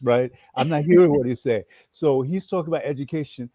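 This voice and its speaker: A man in his sixties from New York, an animated storyteller who acts out his story as an interview guest. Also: mid-range voice, fast, hardly any pauses, breathy edge, dry recording. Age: 60s. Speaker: guest, former activist and educator.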